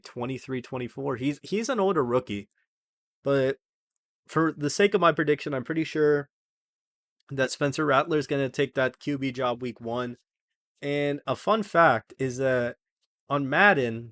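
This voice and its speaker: A man's voice: mid-range voice, a bit bright, no echo, studio quality. A young man hosting his own sports video, talking casually and rambling through game predictions. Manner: chatty, rambling, self-correcting.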